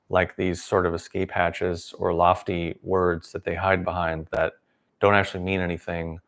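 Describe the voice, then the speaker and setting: A man hosting a livestream, giving a rambling, sarcastic opinion monologue. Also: deep voice. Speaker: livestream host.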